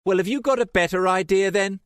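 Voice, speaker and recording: A man doing a scathing young woman, mocking, lively pitch, dry sound. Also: moderate pace, dry recording, close to an everyday voice. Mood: impatient. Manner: scathing, teasing retorts. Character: young woman friend, sharp-tongued and mocking.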